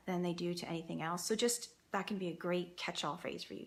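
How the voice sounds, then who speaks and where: A woman's voice: fairly low pitch, steady tone, brisk, few pauses, fairly bright tone. A woman parenting coach giving earnest, reassuring advice straight to her viewers. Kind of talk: direct-to-camera advice talk.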